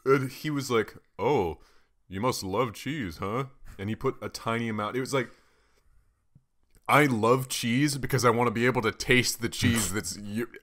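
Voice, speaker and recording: A man's voice: mid-range voice, steady tone, normal speed, a bit bright. A young man co-hosting a casual podcast, telling rambling, exaggerated stories full of swearing. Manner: rambling, exaggerated storytelling with profanity. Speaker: podcast co-host. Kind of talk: casual chat.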